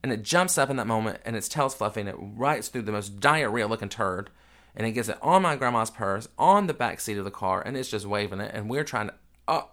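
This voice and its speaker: Grieving man, low-voiced podcast host, profane and candid, swings between hushed and loud. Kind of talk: raw emotional storytelling.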